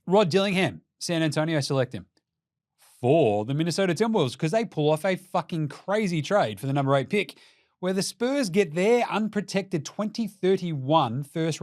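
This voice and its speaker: A man's voice: on the high side, no room sound, studio quality. A young Australian man gives brash, profane and jokey casual commentary as a basketball show host.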